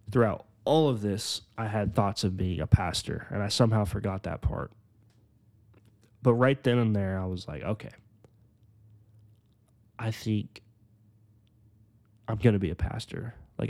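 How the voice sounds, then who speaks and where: Earnest and peppered with "like," this lowish-voiced podcast host in his twenties recounts his own faith testimony. When the story turns emotional, he slows and speaks more softly.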